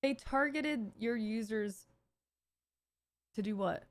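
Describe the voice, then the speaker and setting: A woman with a high, bright-pitched voice reacting live on stream. She rants sarcastically, piling up fillers and restarts as she riffs on what she's watching. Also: takes it slowly. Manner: sarcastic, ranting, full of fillers. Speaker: streamer host.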